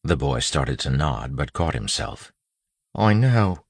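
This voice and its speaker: A man reading an audiobook narration in a measured way. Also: rumbling low, gravelly, slightly rough, no room sound.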